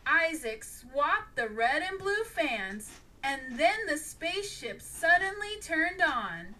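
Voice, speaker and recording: A woman reading an audiobook story aloud in an earnest, animated way. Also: high-pitched, takes it slowly. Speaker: audiobook narrator.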